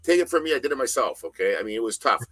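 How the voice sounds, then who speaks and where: A middle-aged man talking as a podcast guest, ranting bluntly with heavy profanity and loud emphasis. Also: medium pitch, expressive, rapid-fire, no echo, rough recording. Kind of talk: casual podcast conversation.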